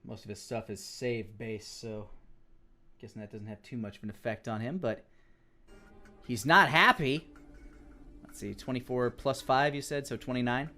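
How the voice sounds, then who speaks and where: A man's voice: mid-range voice, normal speed, pauses often, sharp tone. A man narrating as game master of a tabletop game, switching between vivid descriptions and casual rules talk.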